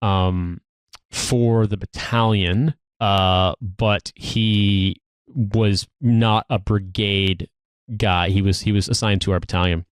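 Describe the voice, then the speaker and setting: A man's voice: lowish voice, fairly even intonation, slow pace, clean tone, no echo, clean studio sound. A man in his thirties, an army veteran co-hosting a podcast, telling stories casually with many restarts and trailing asides. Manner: rambling storyteller, frequent restarts.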